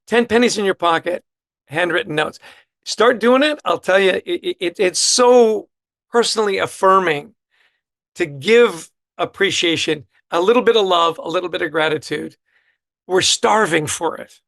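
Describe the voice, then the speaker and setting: High gravelly enthusiastic middle-aged man. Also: normal speed, no room sound. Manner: animated, enthusiastic anecdote teller. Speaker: guest author. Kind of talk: casual interview storytelling.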